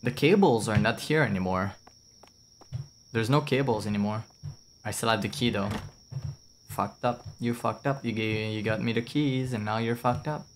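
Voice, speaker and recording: A man's voice: lowish voice, moderate pace, pauses often, slight background noise. A young man with a French accent, rambling and chatting casually as he streams a game, swearing now and then and answering his chat. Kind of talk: casual gameplay commentary.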